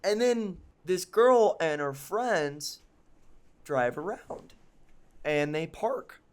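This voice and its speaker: Rambling young man with a higher voice. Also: lively intonation, very slow, clear, resonant tone. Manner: rambling, full of ums and likes, self-mocking. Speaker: podcast co-host. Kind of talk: casual storytelling chat.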